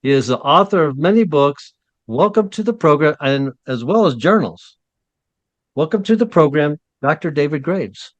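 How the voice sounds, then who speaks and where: A man's voice: on the high side, expressive, normal speed, no room sound, dull audio. Rambling man hosting a chat. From Ohio, USA. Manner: rambling, stumbles over words, laughs at himself. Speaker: host. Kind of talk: casual interview chat.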